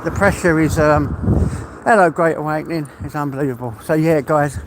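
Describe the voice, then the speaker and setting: An older man talks casually to his live-stream viewers, rambling and heartfelt and laughing often. His voice sits a little high for a man. A steady noise runs under the recording. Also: a little fast. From England.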